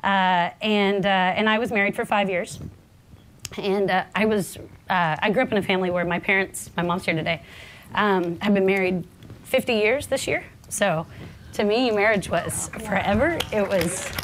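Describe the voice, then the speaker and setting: A woman in her forties telling a personal story on a panel, earnest and halting, her voice shaking with nerves. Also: medium pitch, slight background noise. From American South. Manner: halting, many restarts, earnest. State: nervous, voice shaking. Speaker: panel speaker.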